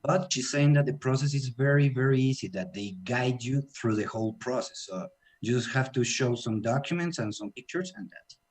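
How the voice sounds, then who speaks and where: A man speaking English with a Latin American Spanish accent, mid-pitched and easygoing. He co-hosts a casual radio talk and patiently retells a guest's account for listeners. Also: brisk. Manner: relaxed, summarizes and translates for others. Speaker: co-host language teacher.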